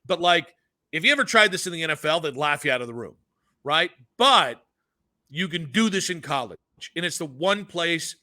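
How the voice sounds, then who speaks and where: Bright, high-voiced man talking sports. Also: animated, moderate pace. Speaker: radio co-host. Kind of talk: sports radio chat.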